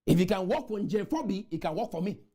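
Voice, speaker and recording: A man delivers a rousing motivational talk to a conference crowd. His mellow, dark voice leaps up and down in pitch as he repeats rallying lines and breaks into shouts. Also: lively intonation, fast. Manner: exhorting, repetitive chants, bursts into shouts. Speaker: motivational speaker. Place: conference room.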